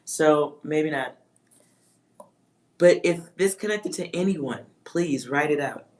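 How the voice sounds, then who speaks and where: A woman's voice: sits low, slow pace, a little mellow. A woman doing a live-stream psychic reading for her chat, talking in a musing way, reading out words, spelling some of them and swearing offhand. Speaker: livestream psychic reader.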